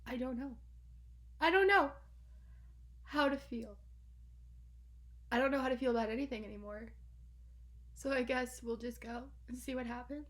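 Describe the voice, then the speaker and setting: Woman, album reaction vlog, excitable, swears a lot, whispers to shouts, high voice. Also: moderate pace, long pauses. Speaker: album reviewer. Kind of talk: reaction video. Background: album music playing.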